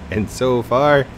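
A man hosting a casual gameplay video, chatty and jokey, laughing and talking to his teammate. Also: mid-range voice. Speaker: gaming channel host. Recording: noisy background hum.

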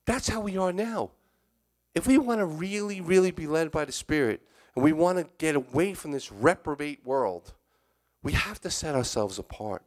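A man's voice: a little high, expressive, normal speed. A man preaching a sermon as a church elder, telling stories in a conversational way and repeating key lines for emphasis. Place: church sanctuary.

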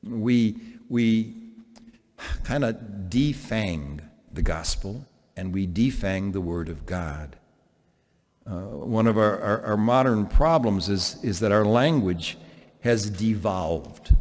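A priest delivers his homily in a chapel, his voice rising and falling with lively emphasis. He often restarts his phrases as he preaches. The sound carries a long reverb from the chapel. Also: on the low side, slow. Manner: animated preaching with many restarts.

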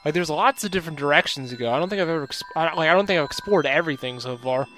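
A man giving casual gameplay commentary, reacting excitably, cursing often and reading on-screen game text aloud. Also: a little high, racing. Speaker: let's play gamer. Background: game music.

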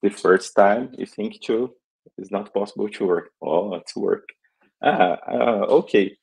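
A man from Brazil with a Brazilian Portuguese accent, presenting a live coding demo in halting English, searching for words. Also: on the low side, creaky, darkish tone, breathy edge, rough recording.

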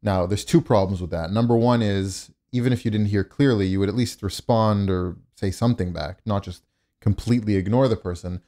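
A man's voice: on the low side, a little fast, mellow. A man hosting a casual monologue, rambling and indignant, full of rhetorical questions. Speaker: host.

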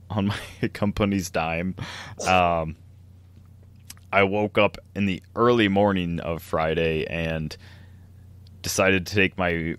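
A man's voice: sits low, fairly bright tone, clean tone, no echo. A man co-hosting a podcast, rambling through a casual story and laughing often. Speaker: podcast co-host. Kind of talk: casual chat.

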